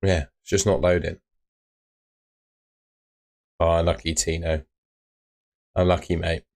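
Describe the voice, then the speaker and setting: A man's voice: sits low, level tone, a little slow, a little mellow. A man hosting a casual live stream, chatting loosely with filler words as he reads out viewer comments. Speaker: host of a fantasy football live stream.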